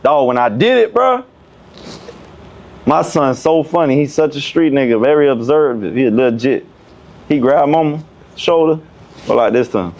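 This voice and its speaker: A man's voice: mid-range voice, animated, moderate pace, long pauses, a little mellow, lo-fi sound. A young man guesting on a podcast, telling a prison story in heavy street slang and acting out the other people's lines. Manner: profane street slang, acts out quoted voices. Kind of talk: animated storytelling.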